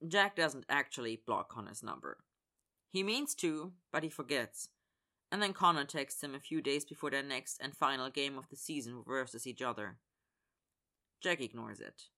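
Storyteller with a bright, sharp tone who voices the characters' lines. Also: mid-range voice, expressive, normal speed. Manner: acts out characters' lines in dialogue. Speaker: narrator. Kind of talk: fan fiction audiobook reading.

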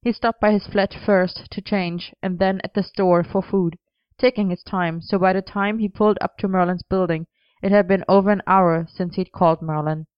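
Smooth-voiced woman narrating a story. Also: medium pitch, fairly even intonation, normal speed, dry recording. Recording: dull lo-fi dry recording.

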